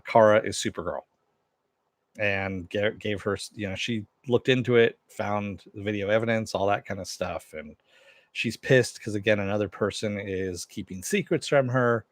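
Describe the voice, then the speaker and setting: A man's voice: fairly low pitch, dry recording. A man hosting a casual live-stream chat about TV shows, answering viewers at home in a loose, rambling way with many fillers. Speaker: show host.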